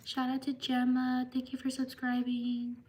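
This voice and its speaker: High-voiced woman reading shout-outs. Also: completely flat delivery, distant mic. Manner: slow, halting over names, apologetic. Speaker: live streamer. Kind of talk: reading out viewer shout-outs on a live stream. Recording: voice a bit off-mic with faint background hiss.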